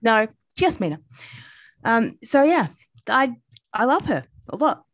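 A woman's voice: fairly high pitch, very animated, takes it slowly. A woman co-hosting a podcast in casual chat, chatty with frequent fillers and laughs. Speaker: podcast co-host.

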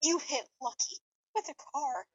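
A woman voicing Trix, a panicky, fretful cartoon rabbit, shrill and pleading. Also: lively intonation, unhurried, no room sound, highs cut off. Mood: sneering.

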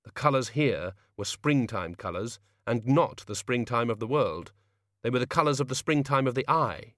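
A man's voice: medium pitch, expressive, moderate pace, a bit bright, dry recording, clean studio sound. Man narrating a fantasy audiobook. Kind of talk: scripted narration.

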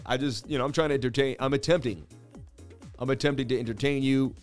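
A man's voice: mid-range voice, fairly even intonation, quick pace, soft background music. A man in his thirties hosting a crypto trading livestream, rambling through charts in casual chat and laughing at his own jokes.

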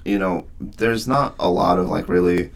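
Very low-voiced man retelling a story. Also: moderate pace, creaky. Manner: relaxed, rambling retelling with filler words. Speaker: podcast co-host. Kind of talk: casual book discussion.

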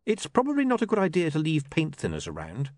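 An earnest young newspaperman, polite and easily flustered, stammering in a high, lively voice, as a man puts him on. The voice is close and dry, read for a storybook. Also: fast, no echo.

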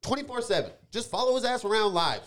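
A man's voice: sits high, fast, crowd noise. A man co-hosting a podcast, telling stories in casual chat and acting out the people he quotes. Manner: animated storyteller, retells jokes with put-on quotes. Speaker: podcast co-host.

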